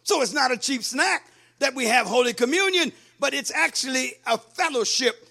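A man delivers a fiery sermon in a very high, bright voice. He reads verses slowly, explains them, then rises to emphatic shouted calls. His tone stays forceful and ringing throughout. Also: lively intonation, gravelly. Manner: emphatic preaching, quoting scripture, rising to shouts. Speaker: pastor.

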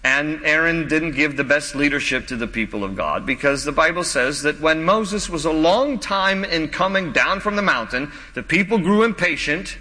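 A man preaching a sermon as pastor, animated, with joking asides and quick voices for the characters in the story. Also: on the high side, in a large hall, poor audio.

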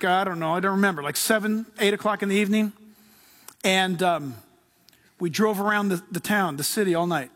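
A middle-aged man preaching a sermon with a fairly high-pitched voice. He talks in a loose, excitable, slangy way, jumping between Bible readings and chatty asides. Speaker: pastor.

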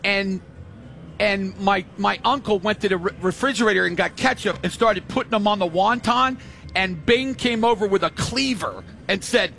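Older man with a high, gravelly voice. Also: normal speed, faint music behind. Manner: animated storytelling, acts out voices in quotes. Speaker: storyteller in casual chat. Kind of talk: casual chat.

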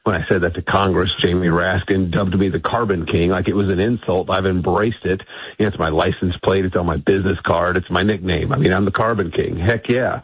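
A man speaking as a guest in a radio interview by phone, assertive and quick, often restarting his sentences. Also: deep voice, steady tone, husky, no echo. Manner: assertive, talks fast with frequent restarts. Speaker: guest, energy think tank executive. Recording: tinny dry phone line.

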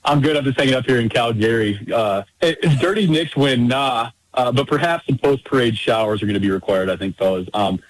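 A man's voice: medium pitch, a little fast, hardly any pauses, dry recording, low-quality recording. Playful man calling into radio, dry sound. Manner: joking, playful, bursts into scat singing. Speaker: radio caller. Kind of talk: casual call-in chat.

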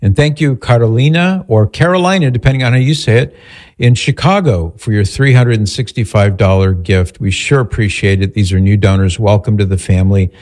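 A man hosting a radio talk show, thanking donors by name and calmly explaining listeners' questions. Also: lowish voice, brisk.

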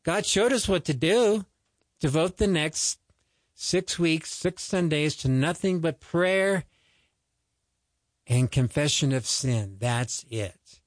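Man delivering an urgent radio sermon, slightly high voice, dry studio sound. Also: lively intonation, slow, pauses often, dry recording. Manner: earnest, exhorting, rising to urgent pleading. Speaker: ministry host.

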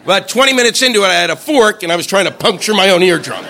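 A man's voice: high voice, lively intonation, racing, few pauses, bright, forceful tone, a little hiss or hum. A man doing a profane stand-up routine, incredulous and acting out voices. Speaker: stand-up comedian.

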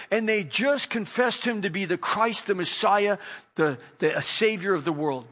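A man preaching a sermon, animated, acting out the voices of the people he quotes. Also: high voice.

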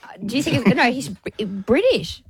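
A woman's voice: on the high side, sing-song, normal speed, creaky, breathy edge. A woman radio host, chatting gossip in a casual, storytelling way.

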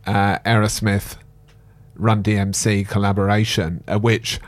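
Low-voiced male co-host, offhand and dry. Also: little pitch movement, measured pace, no room sound. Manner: brief, offhand interjections. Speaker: radio co-host. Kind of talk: casual radio chat.

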